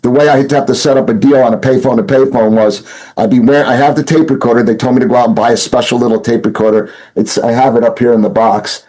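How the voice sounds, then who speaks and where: A man's voice: medium pitch, steady tone, fast talker, a little mellow, rough recording. A man telling his story in a casual interview, rambling with many restarts and fillers and acting out what people said. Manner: rambling, full of fillers and restarts, acts out quotes. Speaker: interview guest, former smuggler turned informant.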